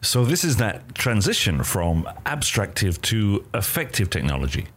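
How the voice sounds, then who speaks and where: A man's voice: lowish voice, very animated, normal speed, a bit bright, slightly rough. A man asking short, probing questions in a conversation about technology. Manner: brief, probing questions with backchannel murmurs. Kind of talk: interview questions.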